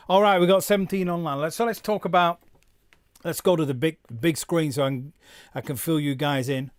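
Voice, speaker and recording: A man's voice: fairly high pitch, steady tone, brisk, smooth, no echo, studio quality. A middle-aged man, a musician hosting his own live stream, chatting in a rambling way and reading out viewer comments. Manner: rambling, reads chat comments aloud, drops into German. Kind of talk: casual live-stream chat.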